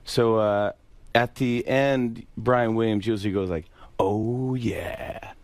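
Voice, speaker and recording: A man's voice: on the low side, measured pace, smooth, no room sound. A man telling a story as a guest in an interview, giggling often and stammering through restarts. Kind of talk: anecdote in an interview.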